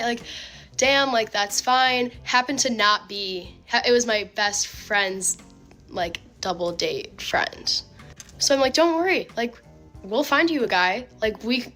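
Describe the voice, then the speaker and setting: A young woman casually telling a personal dating story, chatty and animated, full of filler words. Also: fairly high pitch.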